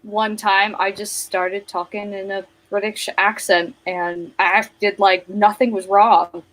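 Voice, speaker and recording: Woman from New Jersey, teacher, animated anecdotes, mid-range pitch. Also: low-quality recording. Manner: animated storyteller, quick self-conscious laughs. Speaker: teacher and guest. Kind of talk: casual chat.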